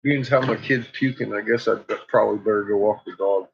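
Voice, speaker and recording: A man's voice: on the low side, fairly quick, gravelly, slightly rough. A man chatting casually as a vlog host, laughing often as he talks about his dogs. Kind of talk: casual chat. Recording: dull lo-fi recording.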